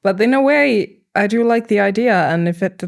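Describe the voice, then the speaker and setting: With a mid-range, expressive voice touched by vocal fry, this young woman speaks at a normal speed. She's the band's business manager and singer, a podcast guest musing hesitantly in a relaxed chat, full of fillers and laughter.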